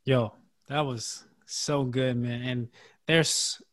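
A man's voice: medium pitch, fairly even intonation, takes it slowly. A man hosting a casual podcast conversation, earnest and thinking aloud, restarting his sentences often. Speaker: podcast host.

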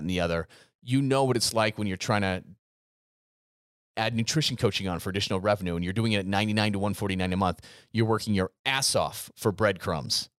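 Low-ish guy on a podcast, earnest and emphatic, dry close mic, repeats himself a lot. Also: a bit bright, dry recording. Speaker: podcast co-host, gym business coach. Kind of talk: casual podcast chat.

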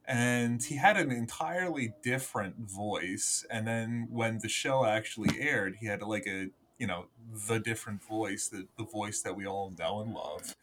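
A man's voice: medium pitch, a bit bright, slight background noise. Rambling man in casual chat. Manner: rambling, many fillers and restarts.

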